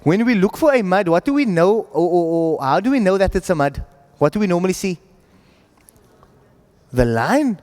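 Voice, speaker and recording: High-voiced male teacher in an echoey hall. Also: big pitch swings, normal speed, darkish tone. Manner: informal, checks understanding often with "right?". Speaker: Quran recitation teacher. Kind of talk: classroom teaching. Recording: echoey classroom audio.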